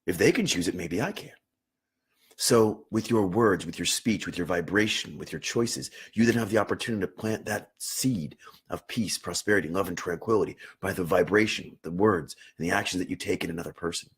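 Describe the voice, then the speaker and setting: Husky-voiced man teaching meditation. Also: low-pitched, brisk. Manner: earnest and emphatic, repeats words for stress. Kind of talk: unscripted teaching talk on meditation.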